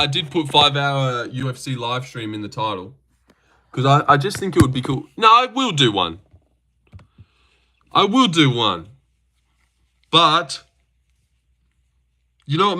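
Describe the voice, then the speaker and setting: A young man hosting a casual livestream from a home setup, talking at a desk mic. His voice is bright and forceful at a middling pitch. He rambles loosely, swears, and trips over his words as he answers chat. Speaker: livestream host reacting to fights.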